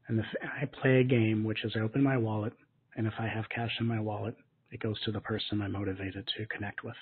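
Soft-spoken breathy man, lo-fi audio. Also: on the low side, little pitch movement. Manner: soft, slow and soothing, with gentle repetitions. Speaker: spiritual teacher. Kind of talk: guided gratitude meditation. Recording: muffled lo-fi narrow-band audio.

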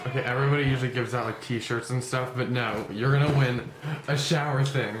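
A man's voice: medium pitch, fairly even intonation, brisk. A man vlogging in a goofy, rambling comedic monologue, joking in a mock-serious way. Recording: echoey room with background noise.

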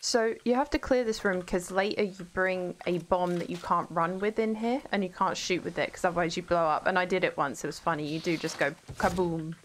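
A woman's voice: fairly low pitch, brisk, hardly any pauses, noisy background. Chatty woman streaming a game. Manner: chatty, talks to her chat between game moments. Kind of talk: casual gameplay commentary.

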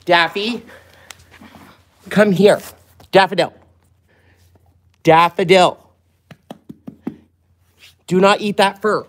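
A woman's voice: on the low side, fairly even intonation, extremely slow, long pauses. A woman vlogger in casual chat, cooing in baby talk at puppies.

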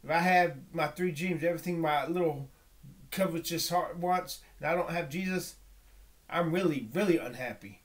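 A man praying aloud in a halting, pleading monologue, often breaking off and restarting, dropping to a hush at times. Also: on the high side. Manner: drops to a hushed whisper at times. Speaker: vlogger. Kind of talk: spoken prayer monologue.

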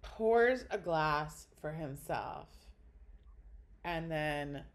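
A woman on a podcast telling a wild story in easy, casual chat. Her voice sits a little low but leaps up whenever she acts out what someone said. She is blunt and crude, with a lively swing in her tone. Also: very slow. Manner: animated, blunt and crude, acts out quotes with big pitch jumps. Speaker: podcast guest.

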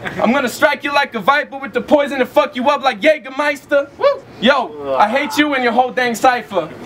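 A man, shouting brash taunts in a battle rap verse. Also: very high voice, lively intonation, a little fast, a crowd in the background. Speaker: battle rapper. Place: indoor battle rap venue.

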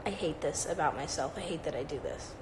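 A woman's voice: low voice, animated, a little fast, background noise. A woman hosting a livestream, chatting in a rambling, profane, casual way. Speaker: livestream host. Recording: roomy echoey sound.

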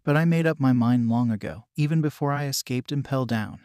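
A man's voice: mid-range voice, fairly quick, darkish tone, dry recording, studio quality, lightly acted. A man reading a ruthless old pirate captain. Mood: scornful. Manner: snarling, contemptuous.

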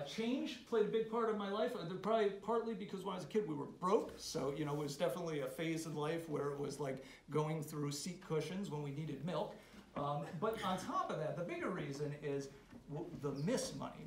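A man telling a funny family story to a club audience, animated and halting, with many restarts. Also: on the high side. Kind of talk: casual spoken storytelling. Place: meeting room. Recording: roomy hall sound, faint noise.

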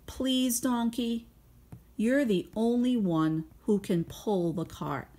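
A woman voicing a gruff, bossy farmer from a children's storybook, who bellows orders and coaxes by turns. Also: fairly high pitch, slow, mellow, pitched above the performer's own voice. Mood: pleading. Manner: bellowing orders, then coaxing.

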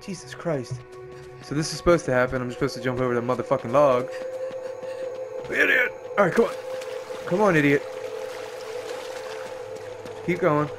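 A man giving profane, excitable running commentary while playing a game, often yelping and exclaiming. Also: medium pitch, moderate pace, long pauses, music in the background. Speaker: gameplay streamer. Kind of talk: let's play commentary.

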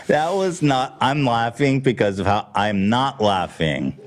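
A man's voice: mid-range voice, lively intonation, measured pace, slight background noise. A male podcast host, cursing and laughing nonstop as he scolds someone in casual chat. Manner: laughing through mock scolding, profane.

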